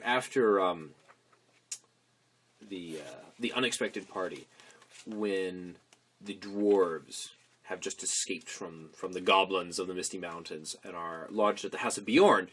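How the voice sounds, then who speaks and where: A man's voice: deep voice, slightly rough. A young man co-hosting a podcast, chatting casually and telling rambling, enthusiastic stories. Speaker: podcast co-host. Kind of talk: casual chat.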